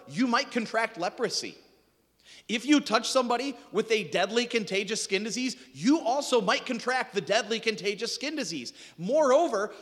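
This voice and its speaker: Lively man preaching in a reverberant hall. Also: high voice. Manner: animated, conversational, quizzes the congregation. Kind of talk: sermon.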